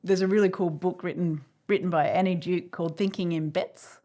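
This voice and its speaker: A woman with an Australian accent hosts a relaxed podcast conversation in a lower voice. She thinks aloud and reworks her sentences as she goes. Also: fairly quick. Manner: thinks aloud, self-correcting. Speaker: podcast host. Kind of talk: casual conversational interview.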